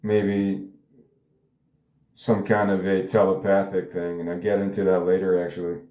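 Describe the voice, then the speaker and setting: A man's voice: sits low, completely flat delivery, moderate pace, mellow. A man reading his own script aloud in a table read, commenting in a rambling, casual way and swearing now and then. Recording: roomy echo.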